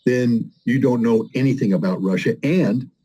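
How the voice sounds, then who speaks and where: A man's voice: mid-range voice, normal speed, warm tone, slightly rough, rough recording. An older man giving emphatic, argumentative commentary as a guest in a conversation. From United States. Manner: emphatic, argumentative, acts out quoted voices.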